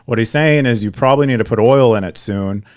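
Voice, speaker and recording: A man's voice: medium pitch, a little fast, a little mellow. A young man co-hosting a podcast, talking casually with frequent fillers and restarts. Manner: rambling, many restarts and fillers. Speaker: podcast co-host. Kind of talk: casual chat.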